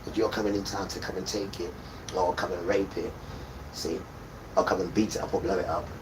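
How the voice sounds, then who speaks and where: A man's voice: sits low, level tone, brisk. Scolding man, distant noisy mic. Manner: scolding, repetitive, hurls insults. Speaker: livestream host. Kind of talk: ranting sermon-like monologue. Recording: distant mic with loud background noise.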